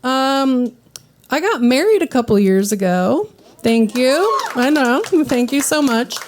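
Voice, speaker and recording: A woman in her thirties hosting a stand-up comedy set, self-deprecating and animated as she acts out what others say. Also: high voice, slow pace. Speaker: comedy show host. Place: live comedy venue with audience.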